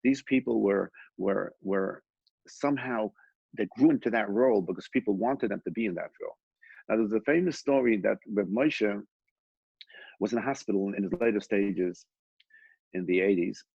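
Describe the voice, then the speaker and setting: Male Torah teacher, conversational storyteller, husky voice, dull lo-fi recording. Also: lowish voice, normal speed, no room sound. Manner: conversational, with frequent restarts and quoted dialogue. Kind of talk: informal Torah class with storytelling.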